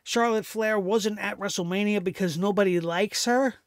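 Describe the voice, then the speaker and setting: A man's voice: sits high, normal speed, dry recording, studio quality. A man hosting a wrestling review show, giving solo commentary in a sarcastic, exasperated rant that turns profane.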